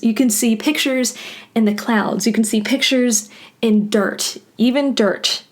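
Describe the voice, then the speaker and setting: A woman's voice: medium pitch, darkish tone. A woman rambling passionately and profanely in a solo vlog monologue, now and then acting out other people's voices. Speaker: vlogger.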